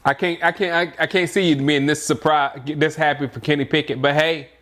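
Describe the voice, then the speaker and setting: A man casually reacting out loud to a sports draft, laughing often and swinging between disbelief and grumbling. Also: fairly high pitch, fairly quick. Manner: animated, laughing, jumps between shock and grumbling. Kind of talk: casual live reaction chat.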